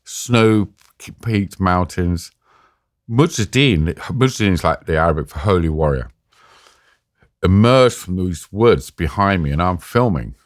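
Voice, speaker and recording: Deep-voiced British man, self-mocking storyteller. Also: animated, measured pace, dry recording, studio quality. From Britain. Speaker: war journalist guest. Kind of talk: animated storytelling in an interview. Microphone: podcast mic.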